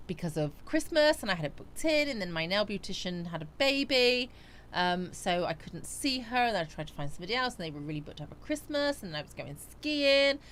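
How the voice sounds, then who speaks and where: A woman's voice: medium pitch, fairly bright tone, a little hiss or hum. A woman from the West Country, hosting a live chat stream from a small home studio, sleepy and yawning as she greets viewers by name and answers their comments. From West Country, England. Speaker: livestream host.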